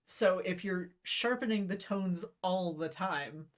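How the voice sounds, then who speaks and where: A woman's voice: fairly low pitch, slow pace. A young woman co-hosting a casual chat, explaining things in rambling, restart-filled stretches and laughing often. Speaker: co-host.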